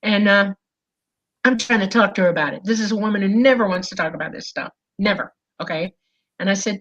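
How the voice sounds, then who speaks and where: Woman guest, lively storyteller, mid pitch, slightly dull podcast audio. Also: quick pace. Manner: animated, lots of fillers and "okay?". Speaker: guest recounting an experience. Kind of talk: casual storytelling.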